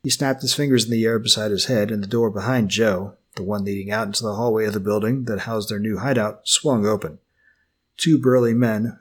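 A male audiobook narrator with a husky, slightly raspy voice. His voice sits low, and he reads in a steady, expressive manner.

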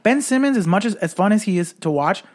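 A man's voice: high voice, animated, quick pace. A man co-hosting a podcast, chatting casually and loosely about basketball, swearing and saying "like" and "dude" a lot. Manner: loose, profane, lots of "like" and "dude". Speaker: podcast co-host.

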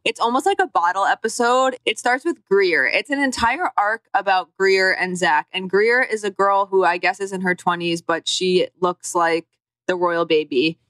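A woman's voice: mid-range voice, moderate pace, a bit bright, no echo. A young woman co-hosting a podcast in casual chat, sarcastic and rambling, with a lot of "like". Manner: sarcastic, rambling, heavy use of "like". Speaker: podcast co-host.

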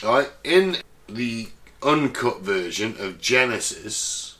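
A man's voice: medium pitch, animated, slow, bright, forceful tone. A man in his thirties co-hosting a podcast, rambling and sweary, laughing often. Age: 30s. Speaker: podcast co-host. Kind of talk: casual chat.

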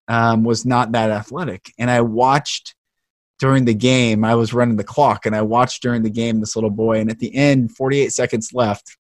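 A man's voice: on the low side, a little mellow, no echo. Earnest male podcast host, dry close sound. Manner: earnest, emotional, speaks passionately. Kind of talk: heartfelt conversational interview.

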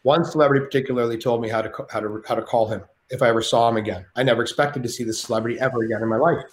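A man telling a story as a podcast guest, animated and rambling, with plenty of swearing. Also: mid-range voice, very fast, reverberant. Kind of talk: casual storytelling.

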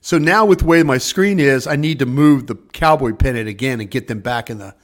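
An older man who was formerly a scout talks fairly quickly in a mid-range voice. Calling in by video from his home office, he drifts from story to story in easygoing chat, putting on voices to act out what others said.

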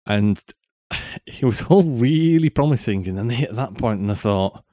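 A man's voice: medium pitch, animated, normal speed, dark tone, no echo, studio quality. A man co-hosting a podcast, chatting casually with lots of ums and restarts. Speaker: podcast co-host. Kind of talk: casual chat.

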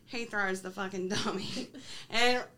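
A woman tells a story on a casual podcast, swearing freely and joking. Her voice is bright and sharp. Faint noise sits in the background. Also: medium pitch, steady tone, measured pace. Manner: profane, joking, laughs often. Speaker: podcast co-host.

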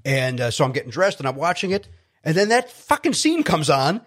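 A man from Chicago, a guest comedian, telling stories in casual chat, animated and self-deprecating with many restarts. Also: fairly high pitch, fairly quick. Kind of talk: casual storytelling.

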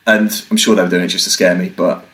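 A young British man appears as a podcast guest, telling a story casually while swearing and acting out what people said. His deep voice moves fast and animatedly, and the recording quality is poor.

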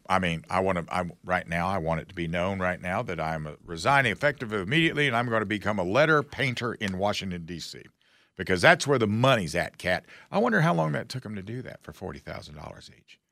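Gravelly, sarcastic man hosting a talk show. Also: on the low side, expressive, quick pace, sharp tone, no room sound. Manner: sarcastic, folksy, mocking. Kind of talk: casual political commentary.

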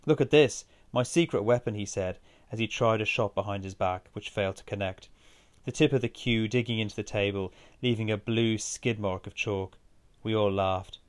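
A man reading a first-person story aloud in a steady, measured way. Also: lowish voice, clean tone. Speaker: narrator.

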